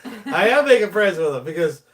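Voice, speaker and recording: A man hosting a live stream, telling stories in a loose, animated way and swearing casually. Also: on the high side, normal speed. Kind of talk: casual storytelling chat.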